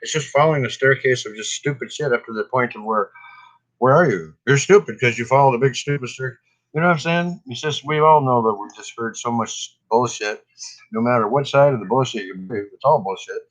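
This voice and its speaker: A man in a casual smoking vlog, stoned and coughing between his sentences. He rambles in a laid-back way, swearing freely, with a medium pitch. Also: a little fast, a bit bright, poor audio. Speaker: cannabis vlogger. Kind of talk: casual smoking session chat.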